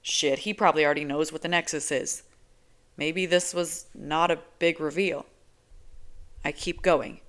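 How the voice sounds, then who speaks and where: A woman reading a novel aloud in first person, with a measured, conversational delivery. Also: sits low, fairly even intonation, a bit bright. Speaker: audiobook reader.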